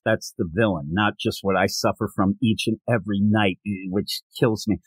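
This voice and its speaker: A man's voice: medium pitch, slightly rough, no room sound. A man hosting a comic book show, giving casual, jokey commentary full of digressions and chatty asides. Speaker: comic book reviewer and podcast host.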